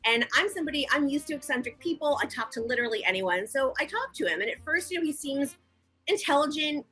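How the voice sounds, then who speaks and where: A woman guest and victim advocate, telling her story in a frank, animated, conversational interview. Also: sits high, quick pace, faint music behind, low-quality recording.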